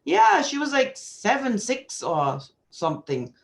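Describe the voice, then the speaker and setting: A woman guest in a casual video chat, telling stories in an animated way, swearing freely and laughing often. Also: sits high, takes it slowly, vocal fry. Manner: laughs often while talking.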